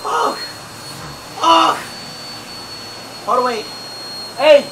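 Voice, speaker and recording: A young man livestreaming to his chat, loud, panicky and pleading. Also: very high-pitched, moderate pace. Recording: distant mic with clear background noise.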